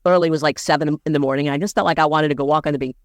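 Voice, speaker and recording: A woman's voice: very fast, dry recording, clean studio sound. A woman co-hosting a podcast, talking casually and telling stories with lots of animation. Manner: animated storyteller, lively swings in pitch. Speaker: podcast co-host. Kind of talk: casual conversation.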